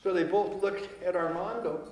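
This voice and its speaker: Older man telling jokes in an echoey room. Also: sits high. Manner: relaxed storytelling, acting out characters in quick quotes. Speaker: joke teller. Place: room with a small group of friends. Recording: echoey reverberant room, light noise.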